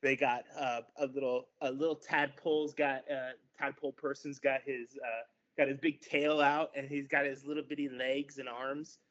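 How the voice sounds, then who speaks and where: Halting male game master narrating. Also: medium pitch, level tone, a bit bright. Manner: halting, many fillers. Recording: dull lo-fi recording.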